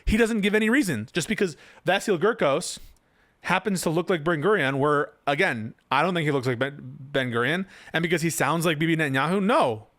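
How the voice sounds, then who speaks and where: A man's voice: a little high, a little fast, a bit bright, no echo, studio quality. A male commentator giving reaction commentary, rebutting a written post point by point with incredulous, sarcastic remarks. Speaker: political commentator.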